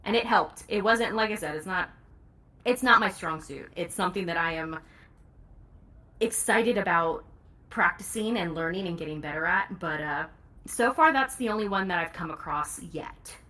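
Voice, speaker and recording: Bright-voiced, chatty woman narrator. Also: lowish voice, moderate pace. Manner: candid, chatty, laughs easily. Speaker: audiobook narrator guest. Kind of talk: casual interview chat.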